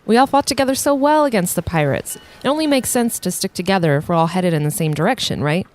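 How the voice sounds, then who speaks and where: A woman's voice: fairly low pitch, animated, fast. A woman playing a tabletop game, chatting in a dry, teasing way. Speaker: player. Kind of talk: casual tabletop game chat.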